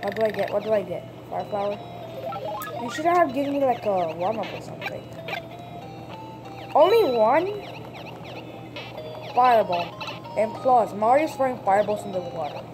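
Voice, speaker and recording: A woman chatting casually through a video game playthrough, breaking into excited shouts and laughs at close calls. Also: mid-range voice, fairly quick. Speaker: gameplay commentator. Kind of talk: casual let's-play commentary. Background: video game music.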